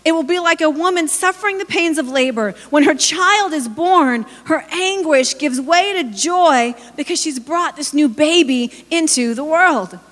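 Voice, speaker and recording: A woman's voice: high-pitched, a little slow, hardly any pauses, fairly bright tone. A woman in her forties preaching a sermon, telling personal stories with humor and speaking directly to the congregation. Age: 40s. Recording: long hall reverb.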